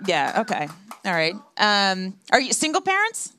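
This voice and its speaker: Deadpan stand-up woman, 40s, dry jokes into a stage mic, middle pitch. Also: moderate pace, smooth. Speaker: stand-up comedian. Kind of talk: stand-up set. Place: comedy club stage.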